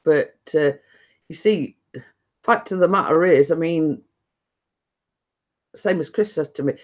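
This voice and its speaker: A woman's voice: sits low, a little slow. A woman hosting a live chat stream, talking in a loose, rambling way full of "you know" and "I mean". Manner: rambling, lots of fillers and repeated phrases. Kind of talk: casual chat.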